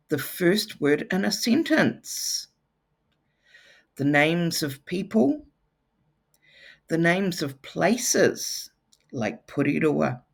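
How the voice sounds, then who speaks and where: This is a New teacher speaking to a class of children. The pace is unhurried and the voice has a gravelly rasp. The delivery is playful, with teasing jokes tucked between the lesson points. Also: medium pitch.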